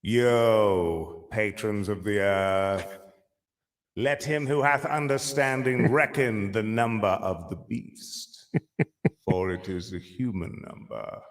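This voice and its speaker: Demonic whispery voice. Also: male voice, fairly low pitch, slow. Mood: ominous. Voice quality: hoarse whispery Vincent Price-style menace. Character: demonic male spirit, ominous and slow.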